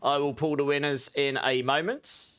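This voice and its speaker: Man, game streamer, casual live chat, smooth clear voice, easy laughs, greets viewers by name. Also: a little high, steady tone, normal speed, a bit bright.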